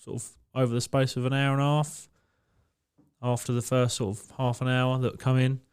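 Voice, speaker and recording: A man's voice: medium pitch, little pitch movement, normal speed, a little mellow, clean tone. A man co-hosting a podcast, telling a story in casual chat and swearing freely. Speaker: podcast co-host.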